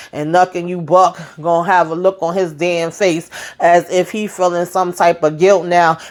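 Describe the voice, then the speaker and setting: A woman hosting a casual TV episode recap, animated and exasperated, with slangy asides, acting out the characters' lines as she retells scenes. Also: on the low side. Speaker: TV show recap host.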